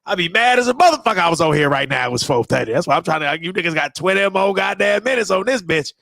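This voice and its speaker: Man, tired late-night stream host, high voice, bone-dry close sound, cussing, rambling. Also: expressive, quick pace, vocal fry, no echo. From US West Coast. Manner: loud, profane, rambling banter.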